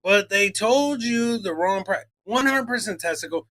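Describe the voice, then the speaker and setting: A man's voice: high voice, lively intonation, moderate pace, a bit bright. A man co-hosting a podcast, ranting in casual chat with lots of swearing and acted-out quotes. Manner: profane, ranting, acts out quoted exchanges. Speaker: podcast co-host.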